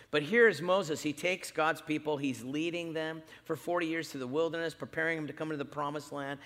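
Brief: middle-aged male pastor, lively storytelling sermon, fairly high voice, long church-hall reverb. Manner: animated storytelling, wide swings in loudness.

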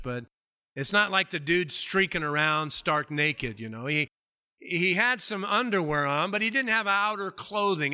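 A man preaching a casual, conversational verse-by-verse sermon, acting out little scenes and dropping to quiet asides before rising to emphatic points. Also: a little high. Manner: swings from hushed murmurs to raised emphatic peaks. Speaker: pastor. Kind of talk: expository sermon.

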